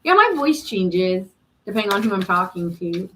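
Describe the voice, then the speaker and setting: A woman's voice: mid-range voice, fairly bright tone, a little hiss or hum, rough recording. A woman hosting a live tarot reading stream, chatting casually and answering viewer comments with frequent laughs.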